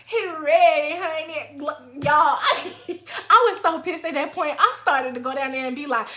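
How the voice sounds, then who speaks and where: A young woman in her twenties telling a story in a casual vlog, animated and dramatic, with acted quotes. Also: high voice, normal speed, few pauses. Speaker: vlogger. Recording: roomy echo.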